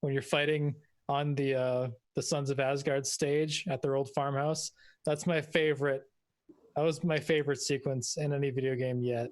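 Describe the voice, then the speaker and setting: A man's voice: medium pitch, little pitch movement, normal speed. Brief: man, gaming-chat player, upbeat, calls people dude. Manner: enthusiastic, says man and dude, swears. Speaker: tabletop game player. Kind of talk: casual chat.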